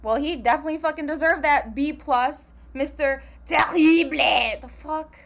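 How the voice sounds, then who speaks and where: A woman's voice: sits high, brisk, fairly bright tone. A young woman co-hosting a podcast, ranting sarcastically and mixing in French. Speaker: podcast co-host. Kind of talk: casual chat.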